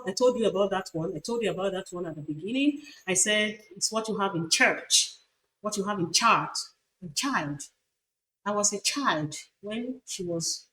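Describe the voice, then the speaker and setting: A woman, teaching a university class on pronunciation and repeating example words with corrections. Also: medium pitch. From Nigeria. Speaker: university lecturer. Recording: noisy recording.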